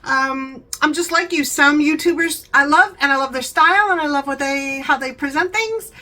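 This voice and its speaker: A woman's voice: high voice, normal speed, bright, forceful tone, poor audio. A talkative woman hosting a home vlog, rambling chattily and laughing often. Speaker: vlogger, channel host.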